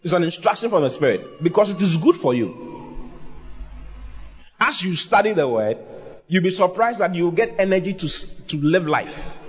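A man's voice: high voice, moderate pace, pauses often, husky. A pastor preaching a sermon, asking his listeners questions and acting out quoted voices. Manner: animated preaching with acted quotes, asks the congregation questions.

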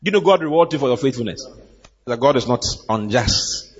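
A man preaching with a lively, swooping delivery, acting out the people in his Bible stories. His voice is husky and slightly high, and the recording sounds dull and lo-fi. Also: a little fast. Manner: animated preaching, acting out Bible characters and laughing. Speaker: pastor. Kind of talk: sermon.

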